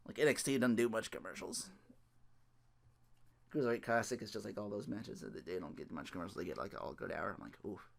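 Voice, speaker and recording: A man hosting a solo recap podcast, talking in an animated, ranting way, laughing often and swearing freely. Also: on the low side, a little fast, gravelly. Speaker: podcast host.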